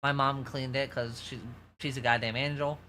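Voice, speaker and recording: Man, soft feminine voice, New York accent, streamer chatting with viewers, rambling and profane, bright tone, faint background noise. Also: medium pitch, little pitch movement, moderate pace. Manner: rambling, profane storytelling to chat. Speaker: VTuber streamer. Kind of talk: casual livestream chat.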